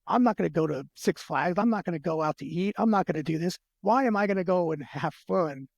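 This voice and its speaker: A man pours out his own story as a podcast guest, earnest and heartfelt, stumbling into restarts and repeated words as he goes. His voice sits a touch high for a man and turns gravelly at the ends of phrases. The sound is close and dry, with no room behind it. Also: darkish tone, no room sound, dull audio. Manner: earnest, heartfelt, retells conversations in quick back-and-forth. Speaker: podcast guest, military veteran. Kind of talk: emotional personal storytelling in a podcast interview.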